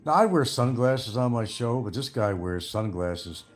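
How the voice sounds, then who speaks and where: A man hosts a casual livestream and answers viewer comments bluntly, combatively, and with plenty of profanity. His medium-pitched voice is animated and a little slow, with soft music in the background.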